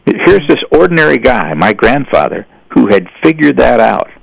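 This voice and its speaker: A man's voice: mid-range voice, sing-song, normal speed, gravelly, slightly rough, dry recording, poor audio. An older man telling folksy stories in a rambling conversational way, often restarting his sentences. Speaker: guest. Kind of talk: storytelling in casual conversation.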